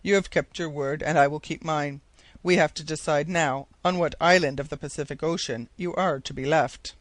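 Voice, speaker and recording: A man's voice: fairly high pitch, fairly even intonation, normal speed, fairly bright tone, no room sound, close to an everyday voice. A man voicing a commanding nobleman who speaks firmly and earnestly. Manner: firm, earnest.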